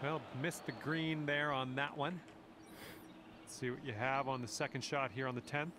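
An actor voicing a calm male golf commentator in a game, giving measured, scripted sports commentary. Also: mid-range voice, background noise, close to an everyday voice. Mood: steady. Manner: measured, even broadcast delivery.

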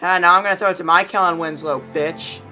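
A man giving profane let's-play commentary, reacting loudly to gameplay. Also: high voice, fairly even intonation, quick pace. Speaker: gaming YouTuber. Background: music playing.

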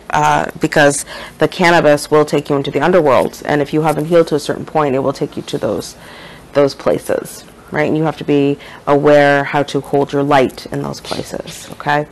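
A woman's voice: low-pitched, poor audio. Earnest rambling woman teaching spiritual ideas. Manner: rambling, earnest, checks in with "okay?" and "right?". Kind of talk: casual spiritual monologue.

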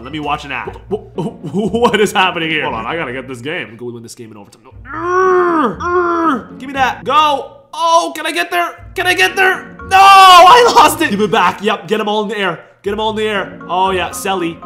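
A man giving excitable gameplay commentary, joking around and shouting at the action on screen. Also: fairly high pitch. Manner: hyped, yells at the game, jokey trash talk. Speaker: gaming YouTuber. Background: background music.

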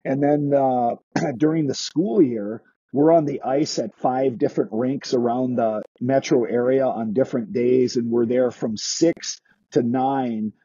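A man's voice: medium pitch, steady tone, unhurried, dark tone, slightly rough, no room sound. Man, skating instructor, casual interview talk, dry and dull lo-fi sound. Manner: chatty, restarts sentences, acts out quoted kids.

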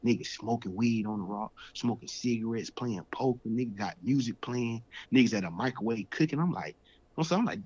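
A man's voice: mid-range voice, fairly quick, darkish tone, slight background noise. A young man in his twenties, a guest in an interview, telling his story in slangy, streetwise casual talk. The recording sounds dull and lo-fi.

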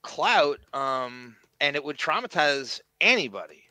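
A man's voice: fairly high pitch, unhurried, no room sound. A man co-hosting a podcast, chatting casually and tossing in joking questions. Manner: lively, jokey, asks questions. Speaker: podcast co-host. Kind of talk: casual chat.

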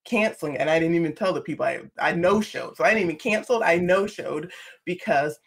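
Woman on a podcast, earnest and expressive, kinda low voice, just telling her story. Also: fairly quick, vocal fry, breathy edge. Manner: expressive, earnest, talks through her feelings openly. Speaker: podcast guest. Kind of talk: conversational storytelling.

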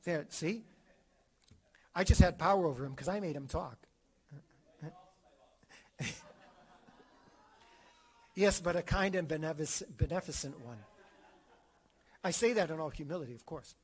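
A man teaching a theology class, talking in an animated way, acting out quotes and often repeating and restarting words. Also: on the high side, unhurried, pauses often, breathy edge. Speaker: catechism teacher.

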